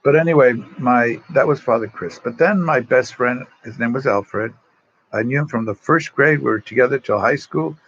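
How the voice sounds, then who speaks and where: A man's voice: medium pitch, moderate pace, dull audio, slight background noise. An older man, a priest, telling rambling personal stories to an online audience in a casual way, often restarting his sentences. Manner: rambling, warm anecdotes with frequent restarts.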